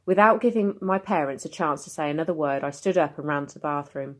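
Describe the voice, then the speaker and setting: A woman reading a bedtime story aloud in a calm, steady way. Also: low-pitched, quick pace. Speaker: story reader.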